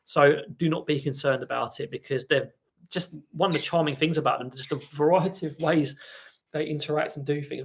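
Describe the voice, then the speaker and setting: A man with a somewhat high voice, roughened by a gravelly fry, chats casually on a live stream from home. He rambles loosely through viewer questions and drops soft asides to his pet parrots. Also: fairly even intonation, brisk.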